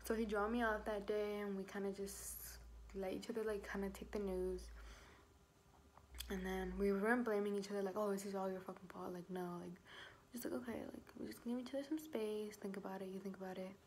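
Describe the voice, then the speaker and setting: Young woman telling her own story in a storytime vlog, speaking at a middle pitch. Her talk is loose and casual, full of "like" and swearing. She acts out what she said at the time, and there is a faint hiss behind her. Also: steady tone, a little fast, a little mellow. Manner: casual, swears often, fills with "like". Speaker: vlogger.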